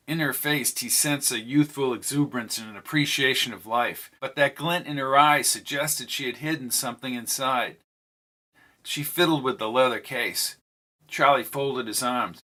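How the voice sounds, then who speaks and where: A man giving a steady, descriptive audiobook narration. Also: medium pitch, moderate pace. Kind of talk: scripted narration.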